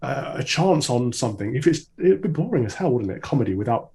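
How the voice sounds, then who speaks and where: A man's voice: medium pitch, big pitch swings, brisk, creaky, darkish tone. A man appearing as a commentator guest on a radio debate, arguing in an assured, argumentative way. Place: remote link.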